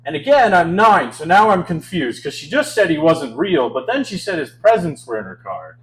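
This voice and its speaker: A man's voice: a little high, big pitch swings, normal speed, a bit bright, rough recording. A man in his twenties from Canada doing a stand-up set on a club stage, telling self-deprecating stories with a wry, chuckling delivery into a handheld mic. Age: 20s. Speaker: stand-up comedian.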